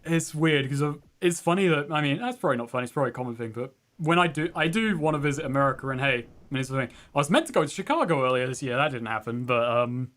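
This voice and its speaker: Here the same co-host's mid-range voice has a fairly bright tone and lively intonation. He speaks quickly with hardly any pauses, rambling self-deprecatingly and laughing at his own tales while he plays a video game.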